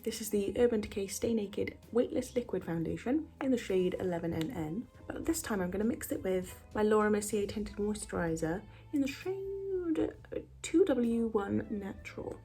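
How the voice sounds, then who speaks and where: A woman's voice: mid-range voice, warm tone. A woman vlogging a makeup tutorial in a put-on American accent, chatty and teasing herself, sometimes dropping to a whisper. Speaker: beauty vlogger. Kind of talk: casual makeup tutorial chat.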